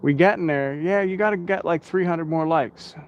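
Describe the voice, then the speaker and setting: A man's voice: fairly high pitch, moderate pace, lo-fi sound, a little hiss or hum. Tired, rambling man chatting on a live stream. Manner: rambling, chatty, reads out viewer names. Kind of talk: casual live stream chat. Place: outdoors at night.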